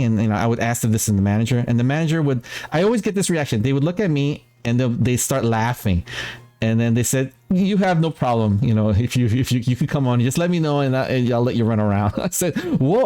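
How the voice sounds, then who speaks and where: Rambling man with a mellow voice. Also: medium pitch. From Philippines. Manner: rambling, animated, laughs often. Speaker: talk show host. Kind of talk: casual chat.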